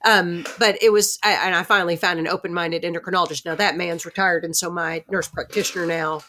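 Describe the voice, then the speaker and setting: An outspoken woman from New Jersey, in her late fifties, talks with a guest on her podcast. Her accent is plain, and she tells her stories with blunt, animated energy. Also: on the low side, fast, slight background noise. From Newark, New Jersey. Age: late 50s. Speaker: host. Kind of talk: casual podcast conversation.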